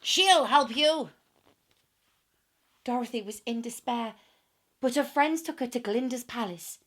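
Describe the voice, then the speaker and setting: A woman reading a children's story aloud in an expressive, animated way. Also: a little high, moderate pace.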